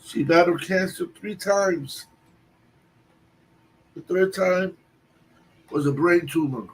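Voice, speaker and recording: A man telling a long personal story on a livestream, halting often and restarting his sentences. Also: high-pitched. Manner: halting, with many restarts and fillers. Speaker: guest storyteller. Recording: distant mic with faint background noise.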